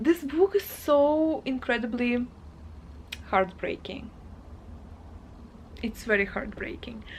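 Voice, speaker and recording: High-voiced, emotional woman book vlogger. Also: slight background noise. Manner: emotional, animated, acts out characters in quoted asides. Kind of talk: casual reading vlog chat.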